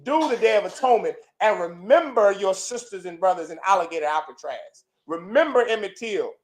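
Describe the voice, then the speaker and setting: Fiery high-pitched male preacher. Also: lively intonation, brisk, poor audio. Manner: forceful, swings between loud outbursts and low intense lines; repetitive, chanting lists. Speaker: preacher leading a congregation. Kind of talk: fiery sermon. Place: indoor gathering.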